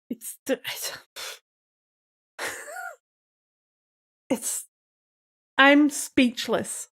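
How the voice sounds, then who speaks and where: Woman reaction-video host, higher voice, unhurried, emotional and gushing, near tears. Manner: gushing, emotional, laughs often, slow and effusive. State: close to tears.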